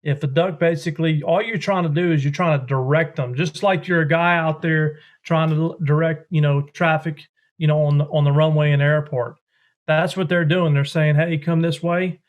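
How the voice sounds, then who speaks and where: A man's voice: a little high, steady tone, moderate pace, muffled recording. A man, explaining duck calling in a drawling, folksy way. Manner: drawling, folksy, mimics duck sounds with his voice. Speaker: duck call maker demonstrating calls. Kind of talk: instructional explanation.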